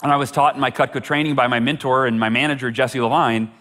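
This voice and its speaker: A man's voice: mid-range voice, fairly even intonation, quick pace, a bit bright. A middle-aged man telling a personal story as a motivational speaker, earnest and often repeating words for emphasis. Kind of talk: storytelling talk.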